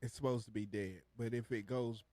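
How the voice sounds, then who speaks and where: A man's voice: medium pitch, steady tone, fairly quick, warm tone, no room sound. A man who is a guest in a sports radio studio, chatting casually and explaining football rules in plain terms. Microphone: studio microphone.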